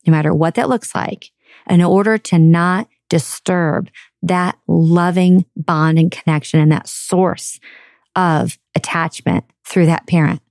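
A woman talks through a self-help podcast in an earnest, conversational way. Her voice sits a little low and sounds mellow and warm. The sound is dry and close, with no room echo. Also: steady tone, measured pace. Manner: earnest, conversational, acts out quoted parents. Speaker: podcast host.

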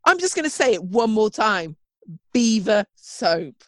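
A playful woman co-hosting a podcast, her high voice rising and falling a lot as she reacts in disbelief. The sound is close and dry, with no room around it. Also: sing-song, fairly quick, dry recording. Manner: playful, incredulous, laughs a lot. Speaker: podcast co-host. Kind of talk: casual chat.

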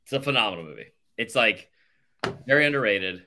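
A man co-hosting a casual podcast, ranking films with strong, animated opinions. His voice is bright and forceful, with plenty of swearing. He jumps into big outbursts of disbelief. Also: lowish voice, a little fast. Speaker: podcast co-host. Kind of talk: casual chat.

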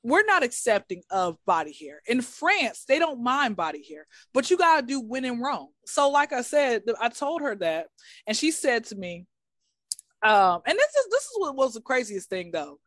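A woman's voice: fairly high pitch, sing-song, moderate pace, a bit bright, dry recording, clean studio sound. A woman, a podcast guest telling a casual, comedic story. She talks bluntly and teasingly, rambling off on tangents. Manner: rambling, digressive, keeps saying back to the story.

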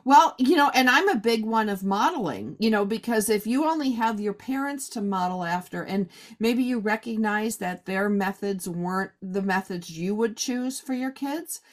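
A woman in her fifties hosts a relaxed conversation at an ordinary middle pitch. She rambles chattily, stringing thoughts together with plenty of fillers. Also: moderate pace, hardly any pauses. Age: 50s. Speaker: podcast host. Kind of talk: casual chat.

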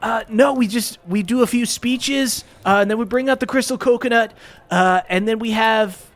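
A man's voice: very high voice, normal speed, a bit bright, pitched above the performer's own voice. A man voicing a jovial, friendly ape king at a feast, with a raised, bouncy voice. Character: jovial male ape king, Donkey Kong.

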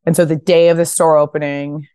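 A woman in her thirties with a notably low voice tells stories on a podcast. She talks casually, drops the odd swear, and lifts into high voices to act out quotes. The sound is close and dry. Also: level tone, fairly quick, dark tone, clean tone, no echo. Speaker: guest, fashion brand founder. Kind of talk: casual interview storytelling.

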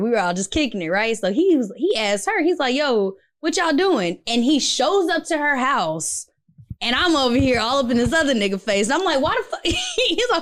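A young adult woman co-hosting a podcast, animated and laughing, swinging between loud outbursts and low asides. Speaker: podcast co-host. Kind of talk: casual chat.

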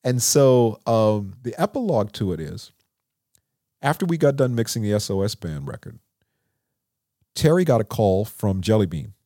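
Lively storytelling man, dry sound. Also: normal speed, pauses often, dry recording. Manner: animated, acts out quotes with lively pitch. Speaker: songwriter and producer, interview guest. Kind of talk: conversational storytelling. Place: recording studio.

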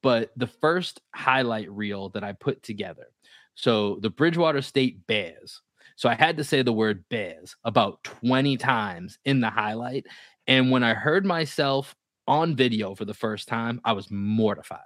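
Man, 30s, Boston accent, podcast co-host, stumbling repeats, even middle pitch, dry sound. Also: unhurried, no echo. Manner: animated, stumbles and repeats words. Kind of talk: casual chat.

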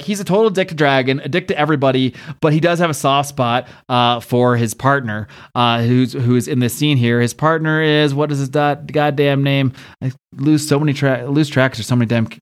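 A man co-hosting a podcast, recapping a comic book in casual chat, laughing often, swearing freely and acting out the characters' lines. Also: medium pitch. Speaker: podcast co-host.

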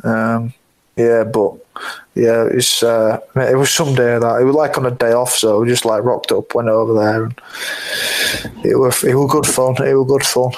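A man's voice: mid-range voice, level tone, moderate pace, poor audio. A man, a guest telling rambling anecdotes with many fillers and frequent laughter. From England. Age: 20s. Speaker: guest rugby player.

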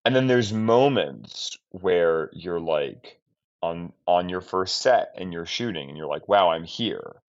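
A man who is a film director, giving a candid, reflective interview with halting speech, many restarts and trailing-off phrases. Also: low-pitched, animated. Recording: dull lo-fi sound.

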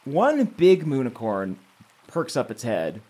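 A man running a tabletop role-playing game as game master, narrating scenes in a lively storytelling way and laughing often. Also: medium pitch, takes it slowly.

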